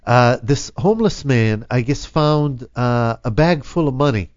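Radio host guy, chatty and rambly, pitch bouncing around, dry dull lo-fi sound. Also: lively intonation, a little slow, darkish tone, dry recording. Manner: loose and rambling, full of "you know" and "uh". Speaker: radio talk show host. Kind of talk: casual chat.

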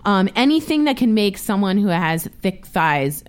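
A woman chatting casually as a co-host, quick with jokes and opinionated asides. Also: medium pitch, big pitch swings, clean tone. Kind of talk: casual chat.

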